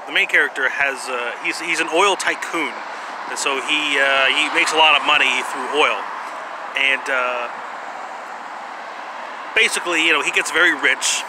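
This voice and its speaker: A man vlogging in a rambling, casual monologue, halting often with pauses and asides. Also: medium pitch, noisy background. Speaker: vlogger presenting jutsu.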